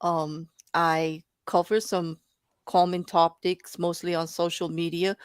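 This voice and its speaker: A woman with a lowish voice talks about her commentary channel on a live-stream panel. She explains steadily and evenly. The sound is dry and close. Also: flat delivery, takes it slowly, clear, resonant tone, dry recording. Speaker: commentary channel host, guest. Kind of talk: casual panel chat.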